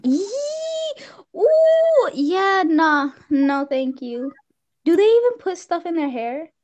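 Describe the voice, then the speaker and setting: A teenage girl in casual chat, animated, with quick asides and expressive exclamations. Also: high-pitched. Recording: dull lo-fi sound.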